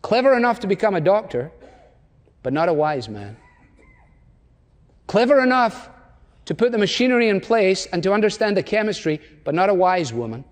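A man in his sixties preaches with a notably high-pitched voice, pressing his listeners with rhetorical questions and emphatic repetition. His voice rings out with the long reverb of a large church auditorium. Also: big pitch swings, moderate pace, pauses often. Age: 60s. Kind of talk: sermon.

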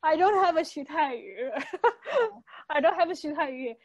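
High-voiced, giggly woman podcast co-host. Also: animated, measured pace, no echo, highs cut off. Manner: giggly, chatty, with frequent restarts. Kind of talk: casual chat.

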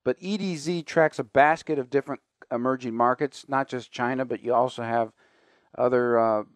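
A man's voice: mid-range voice, fairly even intonation, moderate pace, no room sound. A man hosting a finance radio show, talking casually and conversationally with fillers and asides.

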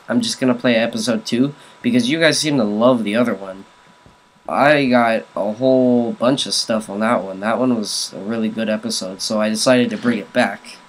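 A young man giving jokey let's play commentary on a zombie game, yelling at enemies and talking to his viewers. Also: medium pitch, poor audio. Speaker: gaming YouTuber.

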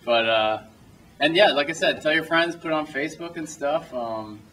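A young filmmaker with a slightly high, pushed and bright voice speaks at normal speed during a screening Q&A before a small audience in a cinema auditorium. He's far from the mic, with a little hiss or hum and poor audio. His loose, rambling anecdotes come with self-interruptions, restarted sentences and lots of laughter.

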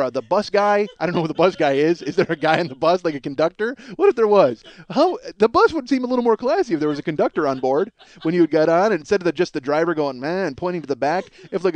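A man hosting his own podcast, delivering a profane, rambling comedic monologue that mocks himself as much as anyone. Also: sits high. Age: middle-aged. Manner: profane, ranting, self-mocking. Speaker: podcast host.

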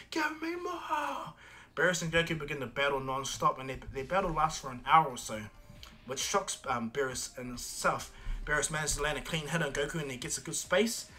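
A man's voice: on the high side, pushed and bright. A man casually retelling a fan-made story in a loose, rambling way with many fillers.

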